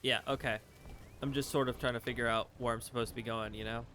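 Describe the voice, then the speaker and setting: A man's voice: mid-range voice, steady tone, fast talker, pushed and bright. A man giving casual gameplay commentary as a let's play host, rambling with fillers and self-corrections. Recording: game music underneath.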